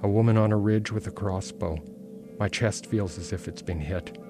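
A man with a very low voice reads from his own novel, slow and deliberate in its dark first-person telling. Clear music plays behind him throughout. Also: fairly even intonation. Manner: measured, dark and intense first-person narration. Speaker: author reading his novel. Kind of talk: literary reading.

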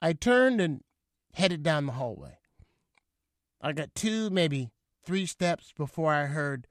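Animated man telling a memoir. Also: a little high, normal speed, no echo, studio quality. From California, United States. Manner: animated, wry comic delivery. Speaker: storyteller. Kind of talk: solo stage memoir storytelling.

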